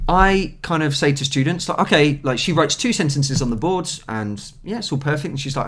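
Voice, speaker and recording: A young man with a southern English accent, talking casually on a podcast. He tells stories in a lively way, slipping into voices for the people he quotes. His voice sits a touch higher than most men's. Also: fairly quick, few pauses. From England. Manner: animated storyteller who acts out quotes. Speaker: podcast co-host. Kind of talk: casual chat.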